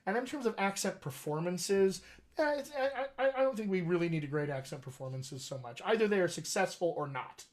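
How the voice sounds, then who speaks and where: A chatty male dialect coach hosting a live online Q&A. His voice sits a little high for a man, and he talks in an animated way, laughing often as he answers questions. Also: brisk. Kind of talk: casual live-stream chat.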